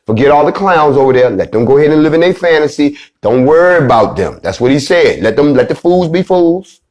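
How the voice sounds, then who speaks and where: A man's voice: animated, a little fast, few pauses. Fiery profane man preaching to listeners. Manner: profane, preacherly, swings from loud to low and grave. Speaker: movement leader giving a speech. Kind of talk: fiery monologue.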